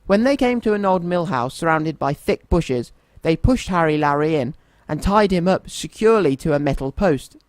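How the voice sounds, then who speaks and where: A man reading a children's story aloud in a gentle, expressive storytelling manner. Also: on the high side, moderate pace, hardly any pauses, no echo.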